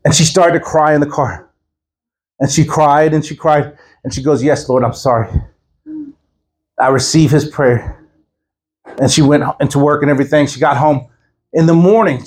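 A male preacher with a high, slightly husky voice tells a story from the pulpit. He acts out each character's lines with animated energy. He laughs often as he goes. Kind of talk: storytelling sermon.

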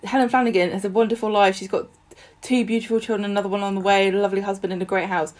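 A woman's voice: mid-range voice, steady tone, racing, a little mellow. A woman co-hosting a podcast, chatting casually and earnestly while joking about the show. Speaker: podcast co-host. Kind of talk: casual chat.

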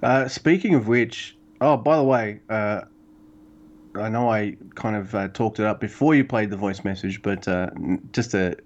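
A man co-hosting a podcast in casual chat, excitable and rambling, cursing often. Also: on the low side, moderate pace, dull audio. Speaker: podcast co-host.

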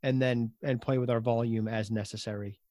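A man's voice: medium pitch, fairly even intonation, fairly quick, mellow, no room sound, clean studio sound. A man hosting a podcast interview, thinking aloud and rephrasing his guest's advice in his own words. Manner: thoughtful, summarizes and rephrases the guest's points. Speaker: podcast host. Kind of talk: conversational interview.

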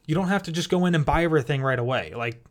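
A young man co-hosting a casual podcast, rambling with halting restarts, on a headphone mic setup. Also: a little high, animated. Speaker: podcast co-host. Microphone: headphones and studio mic.

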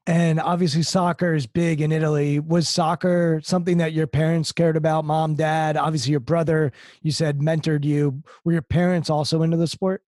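A man's voice: a little high, level tone, normal speed, few pauses, a little mellow, no echo, studio quality. A man hosting an interview, asking curious follow-up questions. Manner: curious, follows up on the guest's answers.

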